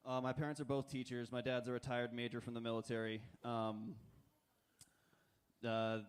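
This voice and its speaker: A young man answers an interviewer's questions in a mild, hesitant way, full of fillers and restarts. His voice sits at an ordinary middle pitch. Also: flat delivery, moderate pace, clean tone. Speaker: comedian guest, Army veteran.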